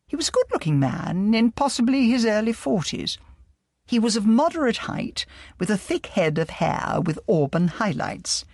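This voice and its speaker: A narrator reading an audiobook in a lively, expressive way, with a gravelly voice. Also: medium pitch, normal speed, dry recording, studio quality.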